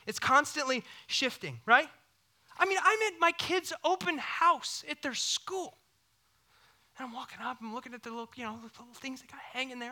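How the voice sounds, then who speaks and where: A man in his thirties preaching a sermon, animated, swinging between loud bursts and hushed whispers. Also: very high voice, normal speed. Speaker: pastor.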